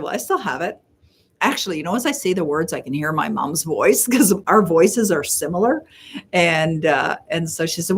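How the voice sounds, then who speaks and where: A middle-aged woman from Canada hosting a live Q&A, telling stories in a chatty way and slowing down to stress her advice. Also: on the low side, husky. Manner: chatty storyteller, acts out quoted voices; slows and stresses key points. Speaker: host answering viewer questions. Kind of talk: live Q&A coaching talk.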